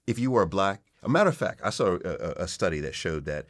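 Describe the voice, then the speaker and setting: Deep-voiced guy hosting a chat, very dry close sound. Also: big pitch swings, quick pace, dry recording. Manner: conversational, affirming. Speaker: host. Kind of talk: casual interview chat.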